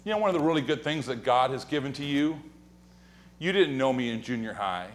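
Animated joking pastor preaching in a sanctuary. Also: male voice, medium pitch, fairly quick. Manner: animated, joking storyteller who acts out quotes and whispers. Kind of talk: sermon. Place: church sanctuary.

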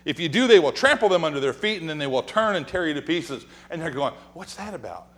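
A man's voice: fairly high pitch, quick pace. A man preaching a sermon as pastor in a church sanctuary, telling humorous stories and acting out quoted lines. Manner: animated, joking storyteller who acts out quotes and whispers.

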